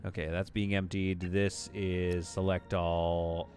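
A man's voice: low voice, fairly even intonation, slow pace, over music. A man streaming a game live, giving exasperated, self-mocking play-by-play commentary with sudden outbursts.

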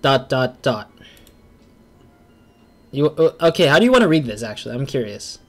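A man's voice: medium pitch, very animated, moderate pace. A man hosting a gaming video, chatting and laughing while he narrates a horror visual novel with a friend. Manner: laughs a lot, teasing and chatty. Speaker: let's play host. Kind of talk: casual gaming commentary.

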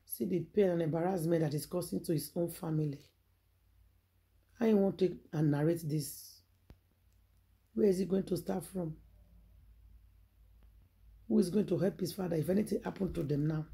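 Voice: medium pitch, normal speed, vocal fry, pauses often, dark tone. A vlogger with a Nigerian accent telling celebrity gossip as dramatic storytelling, emphatic and preachy, full of rhetorical questions.

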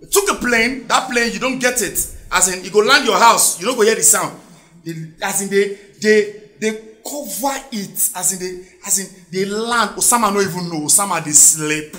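A Nigerian man doing stand-up comedy in English mixed with Pidgin, telling animated stories and breaking into sudden shouts. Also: sits high, normal speed, echoey room. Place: stage in front of a live audience.

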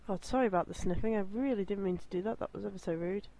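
A woman's voice: mid-range voice, fast talker, warm tone, slight background noise. Young female let's-play host, casual and wry commentary. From Scottish heritage. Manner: chatty, wry, sarcastic asides.

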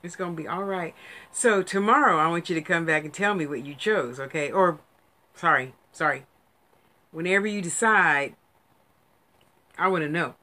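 A woman's voice: lowish voice, animated, normal speed, pauses often, bright, forceful tone. Chatty laughing woman medium. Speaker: psychic medium livestream host. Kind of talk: casual livestream chat to viewers.

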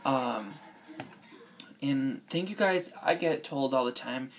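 A woman's voice: extremely low pitch, slow pace. A young woman talking straight to camera in a casual vlog, gushing and effusive, peppering her talk with "like" and "girl". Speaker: vlogger.

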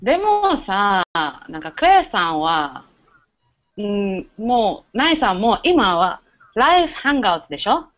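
A woman's voice: medium pitch, very animated, a little fast. A woman hosting a casual online chat, switching between English and Japanese. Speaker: host. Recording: dull lo-fi sound.

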